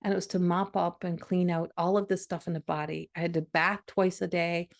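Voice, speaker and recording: A woman's voice: on the low side, flat delivery, brisk, creaky. A middle-aged woman hosting a podcast, telling a personal story in an emotional, conversational way with frequent restarts. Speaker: podcast host.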